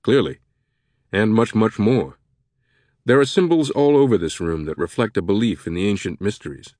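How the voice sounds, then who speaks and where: A man's voice: fairly low pitch, expressive, moderate pace, darkish tone, no room sound, clean studio sound, natural voice. A man voicing a learned male professor who explains history patiently. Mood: explaining.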